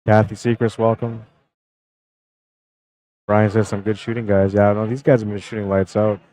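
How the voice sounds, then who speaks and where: Laid-back low-voiced male stream commentator. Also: flat delivery, moderate pace, mellow, low-quality recording. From Canada. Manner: laid-back, chatty, greets viewers by name. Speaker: pool tournament streamer and commentator. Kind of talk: casual live-stream commentary.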